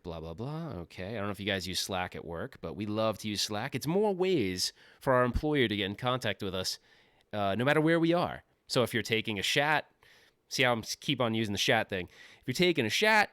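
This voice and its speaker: A man's voice: lowish voice, sing-song, fairly quick, sharp tone, dry recording, clean studio sound. A man hosting a casual livestream from his home office, rambling and joking, often laughing at himself. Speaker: livestream host.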